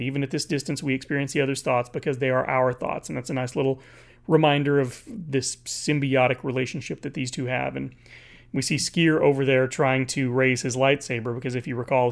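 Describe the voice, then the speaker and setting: Man with a gravelly, fry-laden voice, halting comic recap, middle pitch, lots of fillers. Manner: halting, many fillers and restarts. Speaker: comic book reviewer. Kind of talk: casual comic recap, reading dialogue aloud.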